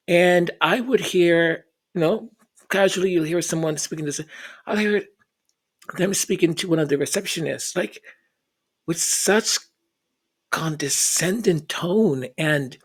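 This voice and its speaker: A man giving earnest, reflective commentary. He often repeats words as he searches for them and acts out the voices he quotes. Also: fairly high pitch.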